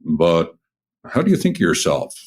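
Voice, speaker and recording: Very deep-voiced male podcast host. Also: huge pitch swings, moderate pace, darkish tone. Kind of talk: casual interview.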